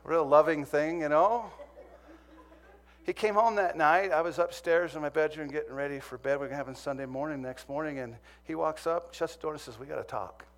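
A man's voice: a little high, brisk. A man from Montana preaching a sermon, telling a humorous personal story that turns earnest. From Montana, USA.

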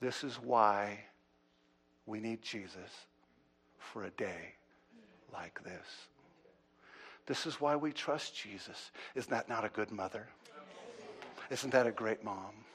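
A man preaching as a pastor, telling a story with lively acted-out quotes and swings between loud and hushed delivery. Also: on the low side, a little slow, pauses often. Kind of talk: sermon storytelling.

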